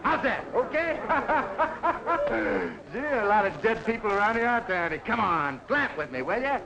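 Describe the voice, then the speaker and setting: An actor playing a brash, boastful young boxer in a 1940s film. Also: male voice, very high voice, sing-song, measured pace, noisy background, exaggerated voice. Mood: boisterous. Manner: brash, swaggering. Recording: dull 1940s film soundtrack with loud music.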